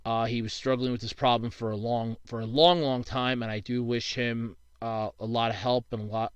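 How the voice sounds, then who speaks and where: Young guy doing a rambling Q&A vlog, swears when ranting, bright clear voice. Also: mid-range voice, no room sound. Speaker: YouTuber answering viewer questions. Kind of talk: casual Q&A monologue.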